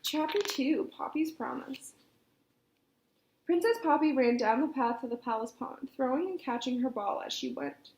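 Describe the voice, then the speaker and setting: A woman reading a children's storybook aloud at a storytime, expressive and animated. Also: high-pitched, moderate pace, a little hiss or hum. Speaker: storytime reader. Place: library. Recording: echoey room.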